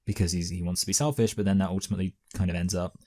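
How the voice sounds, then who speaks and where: A man co-hosting a casual movie review chat, talking in quick, halting bursts and repeating words. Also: deep voice, steady tone, dark tone. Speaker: podcast co-host, movie reviewer.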